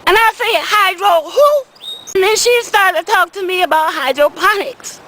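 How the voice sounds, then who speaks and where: A woman's voice: very high-pitched, expressive, moderate pace, sharp tone, a little hiss or hum, heavily acted, poor audio. A woman playing an older man who tells a rambling comic story, repeating little words like "see" and "I said" as he goes. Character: older Southern man, rambling small-time weed seller. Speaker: comic character monologue. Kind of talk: comedic storytelling in character.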